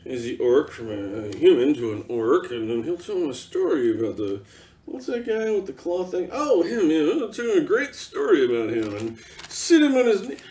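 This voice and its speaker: A man's voice: fairly high pitch, very animated, normal speed, warm tone, distant mic. A man delivering an exasperated, sarcastic ranting monologue as a vlogger.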